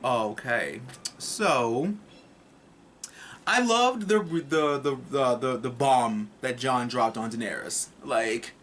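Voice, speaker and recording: A man's voice: mid-range voice, lively intonation, takes it slowly, a bit bright, a little hiss or hum. A man casually reviewing a TV episode in a vlog, rambling, swearing and tossing in jokes. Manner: rambling and profane, with joking asides.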